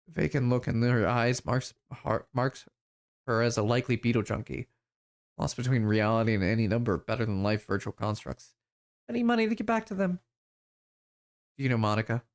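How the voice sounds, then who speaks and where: A man streaming a video game, chatting casually and reading its text aloud in a relaxed, hesitant way. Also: on the low side, fairly quick.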